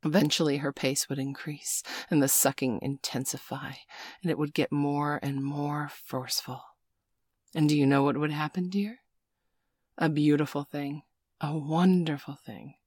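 Very low, husky woman in whispered role-play. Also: level tone, a little mellow, dry recording, clean studio sound. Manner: slow, coaxing, teasing, full of pet names. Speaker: audio role-play performer.

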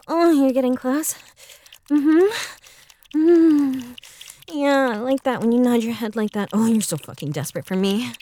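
A woman playing a slow, teasing roommate. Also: on the high side. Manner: teasing, hushed and playful, frequent soft laughs. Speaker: audio role-play performer. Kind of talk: intimate audio role-play.

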